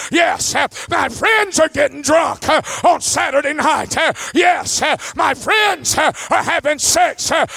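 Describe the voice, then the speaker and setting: A man with a drawl preaches at full shout, his high, gravelly voice driving each phrase with a rhythmic "uh." He delivers it slowly and deliberately, and the recording is dry and close. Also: dry recording. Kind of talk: shouted sermon.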